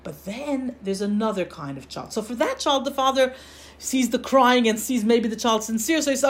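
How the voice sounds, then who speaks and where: Woman giving an animated religious lesson. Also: on the high side, moderate pace. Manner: animated storytelling with frequent restarts. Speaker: Torah teacher.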